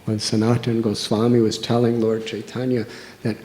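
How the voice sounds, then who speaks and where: In a medium-pitched, monotone, mellow voice, a monk from the United States in his 60s delivers a sermon. His storytelling is slow and earnest, broken by long pauses.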